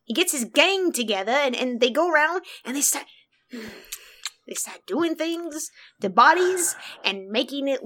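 A woman playing an exasperated father who is running for mayor and talks in halting, rambling sentences. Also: high voice, a bit bright. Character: exasperated father of a rebellious son, vying for mayor.

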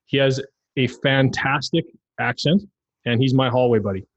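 A man's voice: mid-range voice, moderate pace, no echo, muffled recording. A man co-hosting a casual podcast and introducing guests. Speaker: podcast co-host.

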